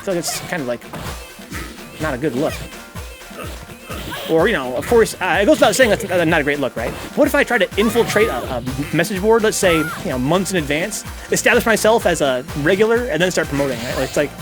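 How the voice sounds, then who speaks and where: A man's voice: fairly high pitch, sing-song, brisk. A man hosting a casual live game stream, rambling and chatty, reading chat messages aloud and swearing casually. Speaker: streamer and host. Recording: game music playing under the voice.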